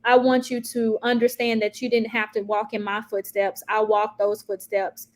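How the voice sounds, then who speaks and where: A woman's voice: mid-range voice, monotone, moderate pace. A woman in her forties, a loan officer co-hosting a casual chat, encouraging and affirming.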